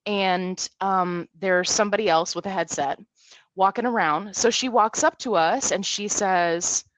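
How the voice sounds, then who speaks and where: Animated woman in her forties telling a story. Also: mid-range voice, measured pace, no room sound. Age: 40s. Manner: animated storyteller, acts out quotes. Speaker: guest. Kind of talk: casual storytelling in a podcast interview.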